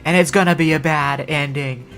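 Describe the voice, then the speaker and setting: A woman's voice: low-pitched, steady tone, moderate pace, fairly bright tone. A woman streamer chatting casually on a livestream, rambling in a wry, sarcastic way.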